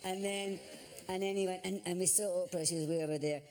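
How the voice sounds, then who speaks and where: A woman's voice: lowish voice, fairly even intonation, fast talker, a little mellow. A woman, a talk show guest, telling an anecdote in a chatty, self-mocking way with lots of fillers and restarts. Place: television studio with live audience. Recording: studio audience laughter.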